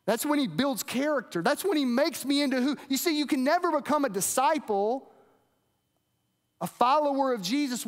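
A male pastor preaching in an earnest, conversational way, stumbling and repeating words as he goes. His voice sits very high for a man. The sound rings with a long reverb, as in a large hall. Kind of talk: sermon.

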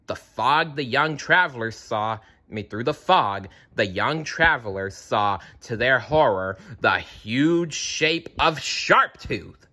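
A man narrating a children's storybook in an expressive, dramatic way. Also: mid-range voice, slow, few pauses. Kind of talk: storybook read-aloud.

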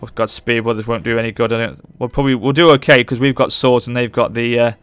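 A man commentating live on his strategy game as he plays, urging his units on and reacting loudly to the battle. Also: medium pitch, fast talker, clean tone, no echo. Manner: urgent, excitable, barks orders at units. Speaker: gaming channel host.

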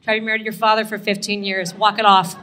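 A woman voicing a blunt, old-school mother who talks in a curt, dismissive way and with a lower voice. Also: level tone, quick pace, very noisy, natural voice.

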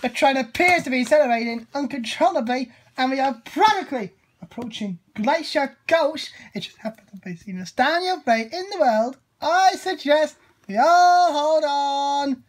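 A woman joining in a made-up story in a playful, animated way. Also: high voice, normal speed.

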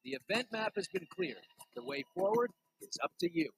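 An actor playing a brash, upbeat male radio DJ in a racing video game, speaking scripted radio patter with a husky voice. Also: high-pitched, sing-song, fairly quick, no echo, full character voice, poor audio. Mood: announcing.

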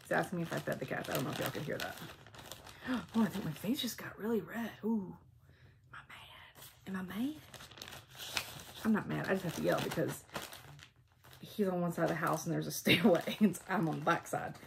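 A woman's voice: lowish voice, brisk, creaky, long pauses, noisy background. A woman chatting casually at home, bubbly and full of ums as she shows off craft supplies. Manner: chatty, bubbly, says um a lot. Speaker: flosstube vlogger.

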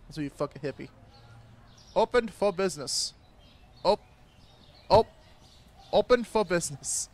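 A young man with a fairly high voice talks over a game in a crude, sarcastic way. He swears freely and swings from low mutters to loud outbursts at the customers. A faint background noise sits under his voice. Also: expressive, normal speed, long pauses. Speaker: gaming video creator. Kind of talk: casual gameplay commentary.

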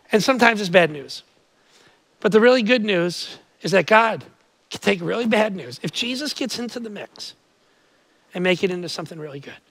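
A man preaching a sermon to a live church crowd, lively and stammering through restarts, then quiet and earnest when he prays. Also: sits high, moderate pace, pauses often, no echo, low-quality recording. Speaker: pastor. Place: church auditorium with live audience.

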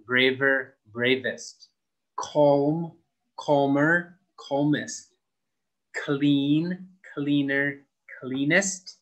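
A young adult man teaching an English grammar lesson, slowly stretching out key words as he models them for students. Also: mid-range voice, fairly even intonation, a bit bright, muffled recording.

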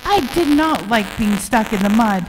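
A woman's voice: a little high, expressive, normal speed, long reverb tail, noisy background, natural voice. A woman voicing a fussy male farmyard duck with a squealing, flustered manner for a children's story. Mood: grateful.

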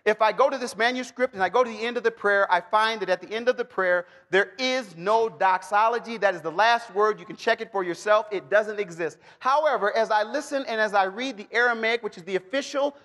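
A man teaching the Bible to a live audience, animated and joking, calling for responses and bursting into shouts. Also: sits high, brisk, hardly any pauses. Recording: long hall reverb.

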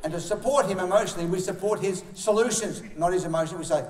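A man's voice: high voice, fast talker, hardly any pauses, a little mellow, slight background noise. A man telling stories at a live seminar, acting out the voices he quotes. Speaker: seminar speaker. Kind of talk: live seminar talk to an audience. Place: large room with an audience. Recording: echoey room, voice from far off.

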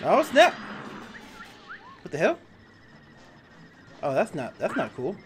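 Excitable man with a lively, swooping voice. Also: sits high, slow pace, faint music behind. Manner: excitable, swearing, laughing at his own fails. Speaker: gaming YouTuber. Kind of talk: let's play commentary.

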